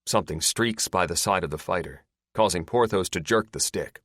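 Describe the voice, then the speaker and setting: A man's voice: sits low, normal speed, a bit bright, no room sound, clean studio sound. A man narrating an action-heavy audiobook in a dramatic, scripted style.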